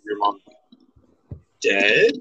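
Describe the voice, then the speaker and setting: A man's voice: fairly low pitch, big pitch swings, very slow, bright, forceful tone, husky, no echo, dull audio, soft background music. A young man co-hosting a podcast in casual chat, joking and swearing as he rambles with lots of fillers. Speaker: podcast co-host.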